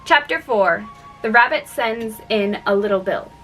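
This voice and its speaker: Slow-reading woman narrator for a storybook, deliberate, distant mic with soft music under it. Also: a little high, expressive. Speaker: audiobook reader.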